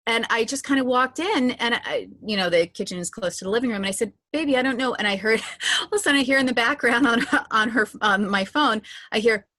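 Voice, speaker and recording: A woman's voice: a little high, a little fast, pushed and bright, no echo, clean studio sound. A woman in her thirties, an audio description narrator, telling stories in a chatty interview with many restarts. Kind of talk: casual interview talk.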